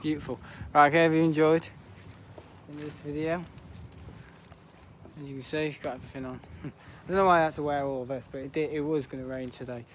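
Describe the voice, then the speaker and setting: A teenage boy with a slightly high voice, rambling through casual live commentary on the planes. He chats loosely and laughs a lot. He was recorded outdoors at an airport viewing park, with faint hiss and traffic noise around him. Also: steady tone, brisk. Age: teens. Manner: chatty, rambling, laughs often. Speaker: planespotting livestreamer.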